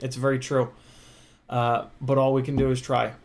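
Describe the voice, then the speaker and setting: A man's voice: medium pitch, completely flat delivery, normal speed. A man hosting a casual live stream, reading viewer comments and answering them in an earnest, encouraging way with many fillers.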